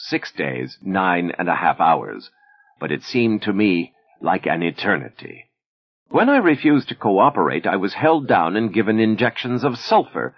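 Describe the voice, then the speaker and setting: A man's voice: lowish voice, husky, voice pushed up, heavily acted. A man doing a wry, defiant Soviet woman poet. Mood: grim. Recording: dull lo-fi recording.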